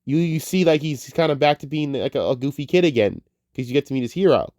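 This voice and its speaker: A man getting over a cold gives a rambling, excitable, profane spoken film review. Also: a little high, quick pace, no room sound, studio quality. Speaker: movie reviewer.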